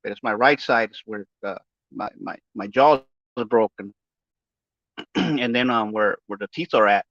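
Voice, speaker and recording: A man's voice: on the low side, normal speed, long pauses, a bit bright, no echo. Lisping man with broken jaw. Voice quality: lisping, mumbled speech through a barely opened mouth. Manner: repetitive stammering restarts, profane and heated when retelling. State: speaking with a broken jaw and missing front teeth. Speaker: podcast host giving a health update. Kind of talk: casual rambling monologue. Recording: dull, dry, lo-fi recording.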